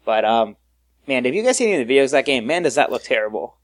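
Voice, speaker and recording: A man hosting a casual gaming podcast, reading through a list briskly and joking with his co-hosts. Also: medium pitch, sing-song, dry recording. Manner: reads a list briskly, jokey. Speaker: podcast host.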